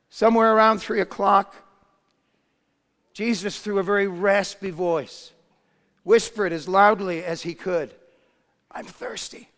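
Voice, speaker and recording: A man delivering a dramatic sermon, his voice pitched high for a man. He moves between soft, hushed phrases and sudden shouted ones. The sound rings out with a long hall reverb. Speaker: preacher. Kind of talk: sermon storytelling.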